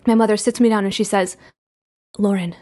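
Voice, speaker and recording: Woman, conversational storyteller, animated quoting. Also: mid-range voice, fast talker. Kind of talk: casual chat.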